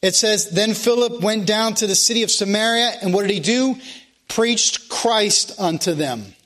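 A man's voice: high voice, normal speed, fairly bright tone. A man preaching a sermon, calling out scripture references again and again and asking rhetorical questions. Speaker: pastor.

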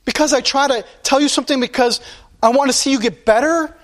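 A man's voice: very high-pitched, quick pace. A male pastor preaching a sermon in a blunt, impassioned way, repeating his points.

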